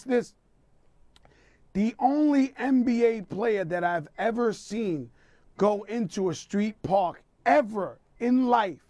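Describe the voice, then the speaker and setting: A man with a high voice tells loose, streetwise stories as a talk show guest, stringing them together with lots of fillers. His voice comes through dry and close, with no room sound. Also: a little mellow, no room sound. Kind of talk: storytelling interview.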